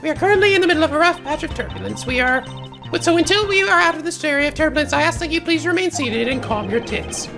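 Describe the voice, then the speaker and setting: A man's voice: very high voice, expressive, quick pace, vocal fry, music in the background, full character voice. A man voicing a prim young female flight attendant who makes formal, stiffly polite announcements. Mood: announcing.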